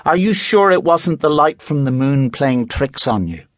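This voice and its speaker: A jittery, sarcastic schoolgirl, as a male audiobook reader puts her on, pitched well above his own voice and unhurried. The voice is close and dry, with no room around it. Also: expressive, no room sound. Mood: nervous. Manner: sarcastic, incredulous. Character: skeptical schoolgirl friend, nervous, sarcastic.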